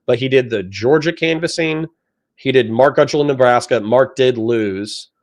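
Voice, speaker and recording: A man's voice: medium pitch, normal speed. A young adult man streaming political commentary, reading chat messages and lecturing his audience in a heated, profane rant.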